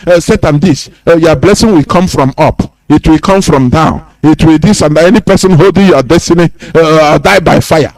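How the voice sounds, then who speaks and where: A Nigerian man hosting a radio broadcast, talking in a fiery, preaching way that bursts into shouting. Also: a little high, expressive, moderate pace, no echo, low-quality recording. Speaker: radio host. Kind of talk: impassioned broadcast talk.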